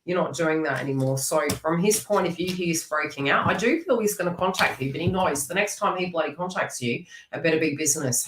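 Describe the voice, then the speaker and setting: A woman's voice: deep voice, roomy sound, far from the mic, background noise. A woman giving a live tarot reading, chatty and teasing as she talks to viewers by name. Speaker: tarot reader.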